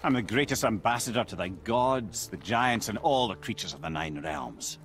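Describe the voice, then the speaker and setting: A man's voice: mid-range voice, lively intonation, moderate pace, vocal fry, a bit bright. A man voicing a boastful, all-knowing male ambassador to the gods, declaiming grandly in a fan script reading. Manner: grand, self-important proclamation.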